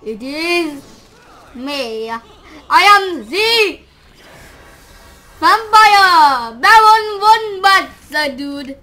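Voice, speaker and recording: A woman putting on a grandiose, drawn-out voice as a theatrical vampire baron villain while playing a video game. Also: very high-pitched, animated, pushed and bright, pitched above the performer's own voice, full character voice. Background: game music.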